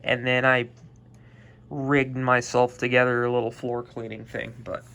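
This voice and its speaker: A man's voice: mid-range voice, flat delivery, a little slow, vocal fry, a bit bright, clean tone. A man casually walking through a restored old vacuum cleaner, rambling and offhand. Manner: rambling, offhand, with fillers and restarts. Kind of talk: casual show-and-tell narration.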